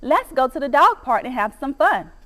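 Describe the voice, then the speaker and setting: A woman reading an audiobook and voicing an eager, excitable pet dog that calls out in a bright, pleading way. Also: high-pitched, normal speed, long reverb tail.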